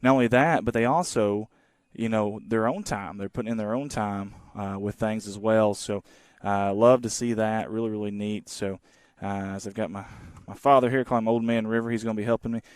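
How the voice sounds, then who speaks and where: A man in his thirties giving casual, rambling live play-by-play of a softball game from the field outdoors. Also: on the low side, steady tone, fairly quick, hardly any pauses, smooth, no echo. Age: 30s. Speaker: sports webcaster.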